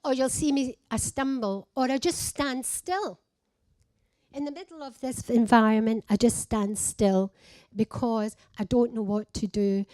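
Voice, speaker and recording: An older woman with a Scottish accent giving a slow, heartfelt personal speech at a conference. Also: a little high, warm tone, dry recording. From Scotland. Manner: slow, simple heartfelt phrasing. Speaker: conference speaker living with dementia. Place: conference hall.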